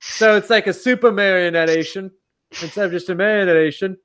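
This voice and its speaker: A man's voice: high-pitched, steady tone, a little fast, a bit bright, smooth, pitched above the performer's own voice. A man putting on an exaggerated, clumsy mock British accent as a bloke. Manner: hammy, over-the-top.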